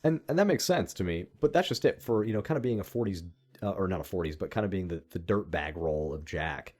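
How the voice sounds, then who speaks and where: A man's voice: deep voice, expressive, quick pace, a little mellow. A young man co-hosting a podcast, rambling through opinions in casual chat and swearing freely. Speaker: podcast co-host.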